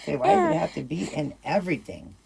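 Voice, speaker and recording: Middle-aged female vlogger, gravelly voice, cooing chatty delivery, noisy home recording. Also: sits low, wildly swooping pitch, quick pace. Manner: soft cooing baby talk mixed with chatty asides to viewers. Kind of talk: casual show-and-tell vlog.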